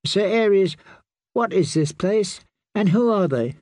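A man's voice: high-pitched, lively intonation, measured pace, darkish tone, no room sound, clean studio sound, voice pushed up. A man reading an audiobook, voicing a confused young girl princess with a plaintive, questioning voice.

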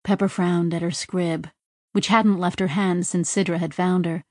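A woman reading a novel aloud in a measured, unhurried style of scripted narration. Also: fairly low pitch, fairly even intonation, dry recording, studio quality. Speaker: audiobook narrator.

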